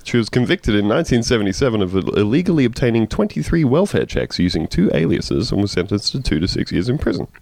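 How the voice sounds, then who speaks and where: A man's voice: on the low side, very animated, quick pace, vocal fry, few pauses, a little mellow, no room sound. A man co-hosting a casual comedy podcast, dropping sarcastic asides while reading out facts. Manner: wry, playful, reads facts with sarcastic asides. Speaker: podcast co-host.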